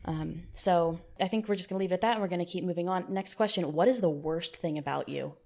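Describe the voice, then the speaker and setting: A woman hosting a casual podcast interview, teasing her guest with a dry, deadpan wit. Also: lowish voice, fast talker, vocal fry. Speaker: podcast host.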